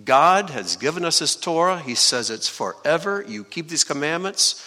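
A man preaching in a large hall with a long ringing reverb, his voice bright and forceful. His pitch swings widely as he teaches scripture and puts questions to the congregation. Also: normal speed. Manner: lively, asks the congregation questions.

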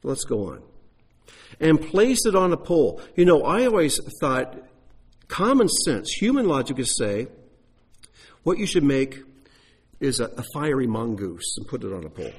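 A man's voice: medium pitch, very animated, normal speed, breathy edge. A man teaching a sermon in a conversational way, asking the listeners rhetorical questions. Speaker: Bible teacher.

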